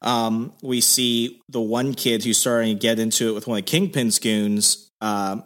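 A man's voice: medium pitch, fairly even intonation, a little slow, a bit bright. A man hosting a podcast, casually retelling a story in a loose, rambling way, full of fillers. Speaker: podcast host. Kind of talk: casual comic recap.

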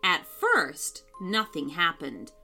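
A woman narrating a children's bedtime story in a slow, expressive, sing-song reading. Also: fairly low pitch, gravelly, faint music behind.

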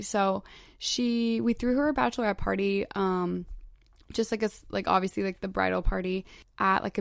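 A woman's voice: mid-range voice, creaky, dry recording, clean studio sound. A young woman in her twenties hosting a solo podcast, chatting casually and gushing, with "like" in nearly every phrase. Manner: chatty, heavy use of "like", gushing. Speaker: podcast host.

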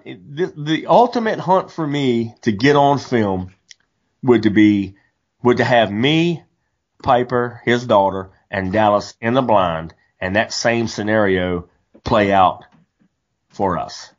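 Male podcast co-host, mid pitch, animated rambling storyteller, lo-fi audio. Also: measured pace. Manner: animated storyteller, frequent restarts. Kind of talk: casual hunting chat.

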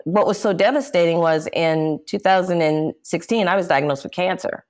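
Low-voiced woman telling her story. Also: normal speed. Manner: emphatic, impassioned. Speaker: interview guest, jazz singer. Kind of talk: candid personal storytelling.

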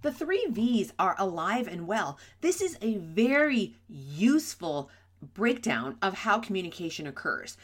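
Animated, lively-voiced woman podcast host. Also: mid-range voice. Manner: animated, emphatic, laughs between points. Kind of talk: podcast teaching on workplace communication.

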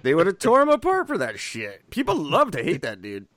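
A man co-hosts a podcast, talking a little fast in casual chat. He's blunt and swears freely, ranting with animated pitch, and the recording is dry.

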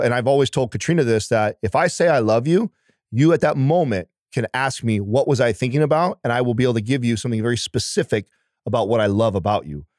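A man of ordinary pitch talks as a podcast guest, earnest and emphatic, with a casual swear thrown in. His voice sits close to the mic in a dry, dead room. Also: dry recording. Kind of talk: casual conversation.

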